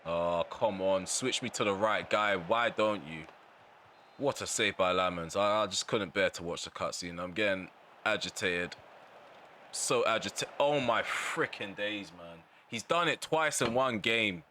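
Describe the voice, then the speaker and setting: A man's voice: lowish voice, unhurried, sharp tone, slight background noise. A man giving live commentary over his own football video game match, often exasperated and ranting about how it is going. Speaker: gaming channel host.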